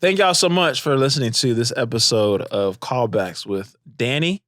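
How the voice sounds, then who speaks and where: A man with a mid-pitched voice hosts a podcast in relaxed, casual chat. He teases and ribs his co-host with a playful edge. The recording is dry and close to the mic. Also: moderate pace, dry recording. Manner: teasing, playful.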